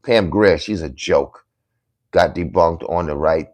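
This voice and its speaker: A man's voice: deep voice, a little slow. A male political commentator on a livestream, reading viewer comments aloud and answering them in a combative, scolding way, hammering his points in repeated lists. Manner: combative, scolding, calls critics dummies; repetitive emphatic lists.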